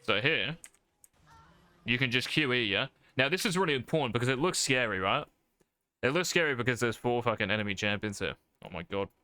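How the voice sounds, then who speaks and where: A man's voice: medium pitch, animated, a little fast, bright, forceful tone, clean tone, no echo. A man coaching a player over a live stream, blunt and profane, calling his student mate. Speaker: game coach.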